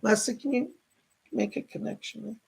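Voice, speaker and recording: A man's voice: high voice, fairly even intonation, moderate pace, gravelly, breathy edge. A middle-aged man hosting a live stream of psychic readings, gushing as he thanks viewers by name. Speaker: psychic medium host.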